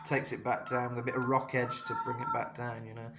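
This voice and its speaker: A man's voice: medium pitch, little pitch movement, a little fast, vocal fry, over loud music. A young man giving a casual vocal lesson, talking loosely with self-mocking asides between demonstrations. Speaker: vocal coach.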